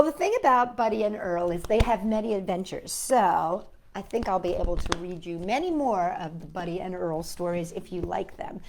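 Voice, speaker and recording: Woman, children's storybook reader, animated intonation, slightly gravelly voice. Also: on the low side, background noise. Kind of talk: reading a picture book aloud to children.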